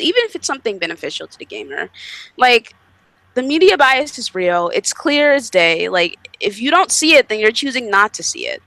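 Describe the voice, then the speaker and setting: A woman's voice: mid-range voice, sharp tone, dry recording. A woman in casual podcast chat, frustrated and insistent, often repeating herself. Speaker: podcast guest.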